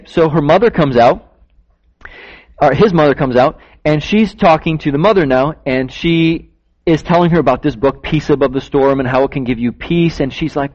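A man's voice: fairly high pitch, moderate pace, darkish tone. A man telling a story to children during a church service, acting out the people in it and asking the kids questions. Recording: dull lo-fi recording.

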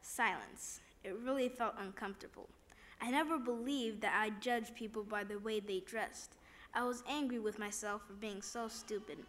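A woman's voice: medium pitch, moderate pace, fairly bright tone. A woman reading a first-person devotional story aloud, plainly, with small slips and restarts.

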